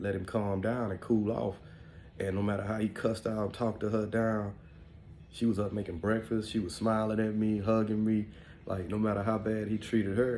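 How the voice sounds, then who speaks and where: A middle-aged man with an African American Vernacular English accent tells stories in a loose, rambling way, dropping "man" and "you know" all through. His voice sits low and mellow. A faint hum of background noise runs under it. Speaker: podcast host. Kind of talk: casual storytelling monologue.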